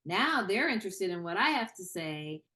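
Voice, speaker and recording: A young woman, a screenwriter and actor, talking in a casual interview, animated and full of fillers and restarts. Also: mid-range voice, normal speed. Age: young adult. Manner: animated, many fillers and repeated starts.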